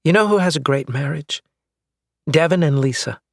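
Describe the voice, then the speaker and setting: A male narrator voicing a frustrated, emotional wife who pleads and accuses, his voice lifted higher and louder. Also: normal speed, gravelly, no echo, clean studio sound. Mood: insistent. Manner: pleading and accusing, rising in pitch when upset.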